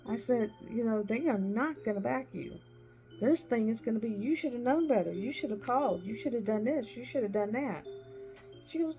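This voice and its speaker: A middle-aged woman and former nurse chatting casually while she crafts, retelling conversations with emphatic, animated delivery. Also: a little high, normal speed, faint music behind.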